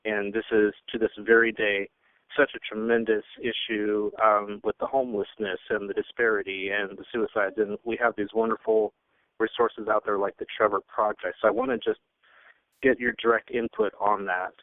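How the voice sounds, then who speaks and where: Supportive low-voiced radio host man. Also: little pitch movement, normal speed, no echo. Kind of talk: radio interview. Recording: tinny phone line.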